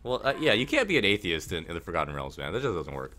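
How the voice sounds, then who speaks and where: Low, animated young man reading a game aloud. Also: quick pace, a little hiss or hum. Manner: reads game text aloud with wry asides. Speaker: let's play host. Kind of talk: casual gaming commentary.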